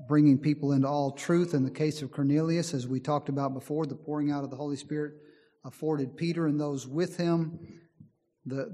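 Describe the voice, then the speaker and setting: A man's voice: fairly high pitch, darkish tone. A man preaching a sermon in an earnest, emphatic way, often reading scripture aloud. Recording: long hall reverb.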